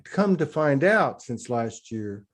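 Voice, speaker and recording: A man's voice: mid-range voice, sing-song, slow. Man, host, casual spiritual chat, video call, rambling, repeated restarts.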